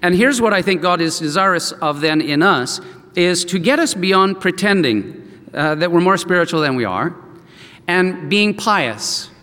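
Animated man preaching in a reverberant hall. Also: high-pitched. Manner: animated storytelling, acts out quoted voices. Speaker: pastor. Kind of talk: sermon.

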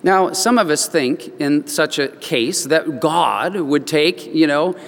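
Storytelling pastor in a reverberant hall. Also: male voice, on the high side, slow pace, gravelly. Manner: storytelling, acts out voices in quotes. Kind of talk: sermon.

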